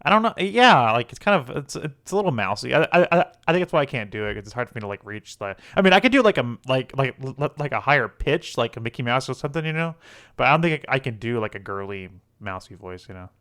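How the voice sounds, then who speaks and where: A man's voice: mid-range voice, sing-song, quick pace, fairly bright tone. A young man co-hosting a casual gaming podcast, joking and laughing as he rambles. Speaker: podcast co-host.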